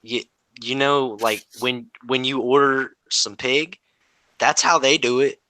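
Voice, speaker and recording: A man's voice: medium pitch, steady tone, takes it slowly, pushed and bright, no echo, low-quality recording. A man co-hosting a casual podcast chat, blunt and joking. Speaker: podcast co-host.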